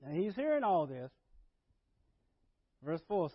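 A man preaching a sermon as pastor, swinging between low murmurs and loud dramatic paraphrase. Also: expressive, a little slow, pauses often, no echo, muffled recording. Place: church.

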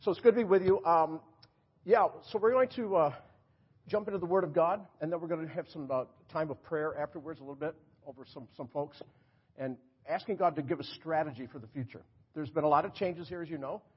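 A New York man preaches a sermon as a guest speaker in a church sanctuary, chatting and joking with the congregation and laughing at his own jokes. His voice is a little high and husky, and the audio is dull.

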